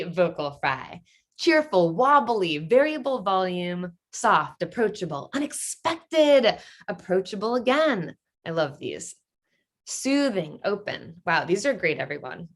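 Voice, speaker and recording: A woman leading an online workshop over a video call, playful and upbeat as she reads out answers from the chat. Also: medium pitch. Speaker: workshop leader.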